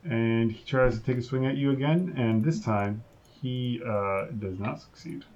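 Slow, halting game master man. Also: mid-range voice, a little mellow, dull audio. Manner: slow, halting, with many fillers. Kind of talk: running a tabletop game online.

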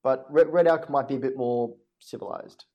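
A man running a tabletop game as game master, narrating in a relaxed way with dry, wry humour. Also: medium pitch, normal speed, lo-fi sound.

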